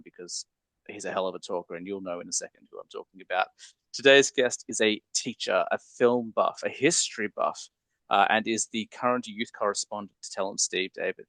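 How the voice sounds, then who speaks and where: A man's voice: on the low side, fairly bright tone, dry recording, poor audio. A man hosting a podcast, chatting in an upbeat, casual way with frequent ums and uhs. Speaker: podcast host.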